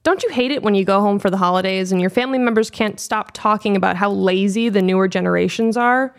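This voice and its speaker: A woman reading a short promo in a brisk, sassy manner with some swearing. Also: mid-range voice. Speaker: ad announcer. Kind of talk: read promo.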